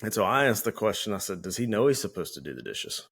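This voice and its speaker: Man, very low voice, podcast co-host, relaxed storytelling, acts out quotes. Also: fast talker, creaky, breathy edge. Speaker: firefighter. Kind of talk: casual conversational storytelling.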